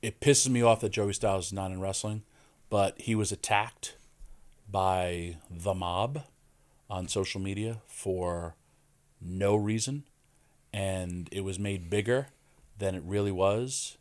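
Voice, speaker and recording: A man's voice: deep voice, slow. A man, a wrestler guest on a podcast, telling stories in casual chat and acting out the lines of the people in them. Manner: animated storyteller, acts out quoted lines. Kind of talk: casual interview storytelling.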